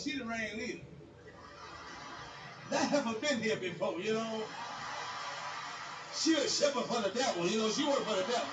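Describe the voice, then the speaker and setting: A man with a very high voice tears through a profane stand-up routine, loud and animated. He sounds distant from the mic in an echoey room, with clear music behind him. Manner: loud, crude, animated ranting. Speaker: stand-up comedian. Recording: echoey live recording from far off.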